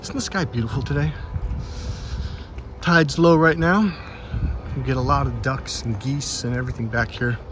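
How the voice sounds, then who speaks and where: A man giving an animated, rambling outdoor monologue, swearing and correcting himself as he goes, on a handheld mic. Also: mid-range voice, moderate pace, pauses often, low-quality recording. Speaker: self-help vlogger. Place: outdoors by the water on a windy day. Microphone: handheld microphone, cupped at times. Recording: loud wind buffeting the microphone. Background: heavy wind noise.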